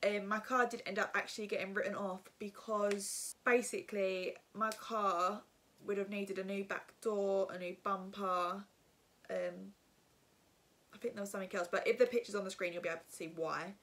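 A woman's voice: medium pitch, steady tone, normal speed, fairly bright tone. A young woman tells a casual storytime to her viewers, rambling with lots of fillers. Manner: rambling, filler-heavy, chatty. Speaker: vlogger.

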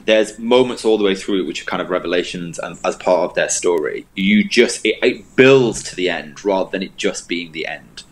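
Co-hosting a film review show, a man with a low voice talks at a moderate pace with hardly any pauses. His casual chat is enthusiastic, with words repeated for emphasis, and the recording is low quality.

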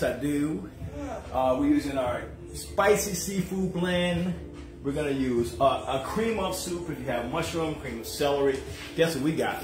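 A man hosting a casual cooking livestream from his home kitchen, joking and chatting with viewers. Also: medium pitch. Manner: joking, chatty, playful, drawn-out asides to viewers. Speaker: cooking show host. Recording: echoey kitchen with music behind.

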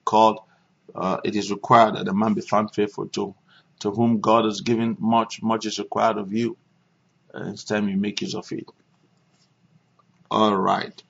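A man's voice: lowish voice, creaky, breathy edge. A man preaching and praying as a pastor on a conference call, stressing his points by repeating phrases. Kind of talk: sermon and prayer on a conference call. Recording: dull lo-fi conference call recording.

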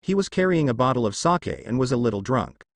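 A man narrating a fan story aloud in a steady storytelling manner, close to the mic. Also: medium pitch, brisk, vocal fry, no room sound.

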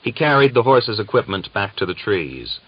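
Deep voiced guy reading a novel, measured and dramatic, kinda muffled old recording. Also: big pitch swings, husky. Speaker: audiobook narrator. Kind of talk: scripted audiobook narration.

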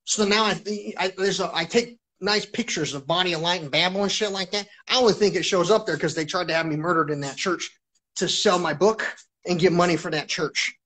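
A man's voice: sits high, brisk, a bit bright. A man hosting a live stream, telling a long story in an agitated, profane ramble and repeating himself.

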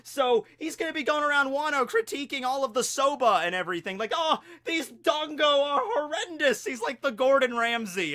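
Energetic, bright-voiced man rambling. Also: sits high. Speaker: YouTube host. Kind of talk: casual fan commentary.

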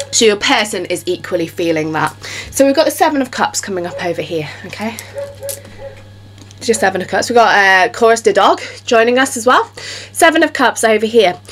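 A woman's voice: lowish voice, a bit bright, a little hiss or hum. A woman giving a casual tarot reading to camera, chatty and reassuring, often checking in with "okay?". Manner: chatty, reassuring, repeats "okay?" and "you know". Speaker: tarot reader.

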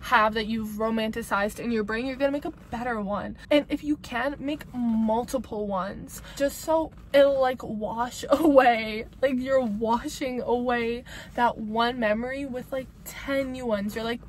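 A woman's voice: on the high side, a little slow, slight background noise, low-quality recording. A young woman giving casual advice to camera, chatty and emphatic, full of "like" and "babes" and free with swear words. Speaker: vlogger giving breakup advice.

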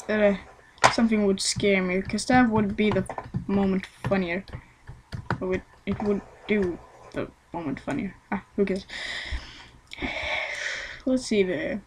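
Slow rambling woman gamer. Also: mid-range voice, a little mellow, poor audio. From Sweden. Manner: rambling, self-mocking, swears at the game. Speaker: let's play gamer. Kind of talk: casual gameplay commentary.

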